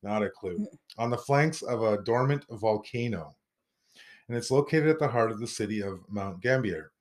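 A man's voice: fairly low pitch, normal speed. Canadian guy cohosting a podcast, goofy and self-mocking, voice swings all over the place. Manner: joking, animated, self-mocking. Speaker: podcast co-host. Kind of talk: casual podcast banter.

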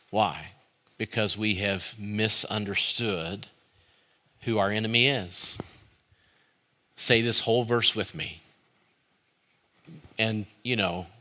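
Bright-voiced man preaching a sermon. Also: fairly low pitch. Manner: animated preaching, swinging between loud bursts and quiet emphasis. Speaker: pastor. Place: church service streamed online.

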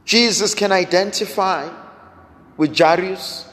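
A man preaching a sermon, slow and dramatic, building through repeated rhetorical questions. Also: high-pitched, fairly bright tone. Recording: long hall reverb.

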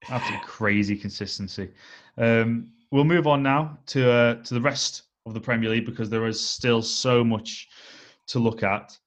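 A man co-hosting a casual football chat, weighing his points in a steady, analytical way with frequent "I think" and "um". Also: mid-range voice. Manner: measured, analytical, leans on "I think" and "um". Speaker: podcast co-host.

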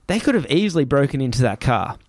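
Young man, mid pitch, casual swearing storyteller, dry close mic. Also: big pitch swings, fast, dry recording. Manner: heavy swearing, vivid re-telling with restarts. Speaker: guest.

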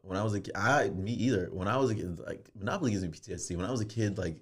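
A man's voice: lowish voice, very fast, breathy edge. A man hosting a podcast in casual chat, brash and teasing, who likes to provoke people. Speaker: podcast host.

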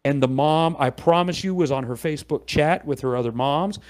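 A man's voice: mid-range voice, fast, few pauses, a little mellow. A middle-aged man, a podcast guest, telling a long story in casual chat and acting out the people in it with quoted voices.

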